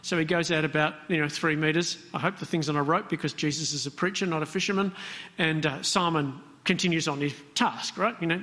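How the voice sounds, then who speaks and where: Male preacher, conversational and questioning, slightly high voice, echoing hall. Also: normal speed, fairly bright tone. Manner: conversational, asks the congregation questions. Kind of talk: interactive sermon. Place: church hall. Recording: long hall reverb.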